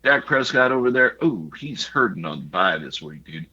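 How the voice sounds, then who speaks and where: A man's voice: on the low side, sing-song, moderate pace, pushed and bright, husky, muffled recording. A man co-hosting a fantasy football league recap, joking and swearing casually. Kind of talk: casual banter.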